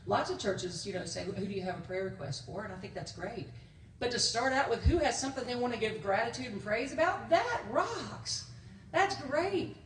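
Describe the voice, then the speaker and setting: A guest minister, a woman with a slightly high voice, preaches a conversational sermon in a church sanctuary, telling stories with laughter and quoted voices. She is recorded from a distance in an echoey church, with a little hiss or hum.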